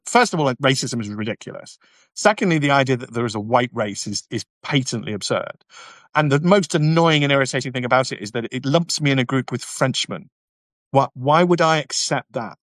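This YouTube host has a mid-range, somewhat bright voice, recorded with no room sound at all. In a relaxed livestream, he goes through viewer comments, replying bluntly and tossing in sarcastic remarks.

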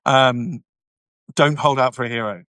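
A man's voice: mid-range voice, steady tone, measured pace, fairly bright tone, no echo. A man hosting a livestream, reading viewer comments and answering them bluntly, with sardonic asides. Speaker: YouTube channel host reading viewer comments. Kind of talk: casual livestream chat.

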